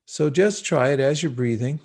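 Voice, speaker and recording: A man leading a guided meditation session over a video call, speaking in a calm, unhurried and gently instructive way. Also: mid-range voice. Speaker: meditation teacher.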